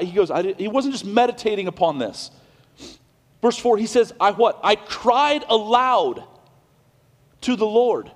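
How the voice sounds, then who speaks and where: A man preaching a sermon in a church, swinging between loud declarations and hushed, quiet passages, with conversational restarts and asides. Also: high-pitched, in a large hall. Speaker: pastor. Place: church sanctuary.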